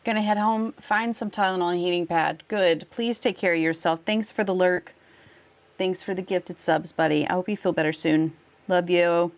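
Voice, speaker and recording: A woman's voice: fairly low pitch, moderate pace. A woman streaming live, chatting casually with viewers while she works on a craft, laughing often and talking herself through each step. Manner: giggly, thanks viewers warmly, talks to herself while working.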